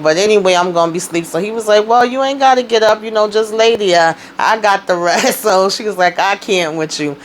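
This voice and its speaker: A lower-voiced woman recaps a TV episode in an easy, chatty way. She slips into quoting the characters as she goes. A faint hiss of background noise sits under her voice. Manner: chatty, retelling scenes with quoted lines and laughter. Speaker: TV recap host. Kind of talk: casual recap vlog.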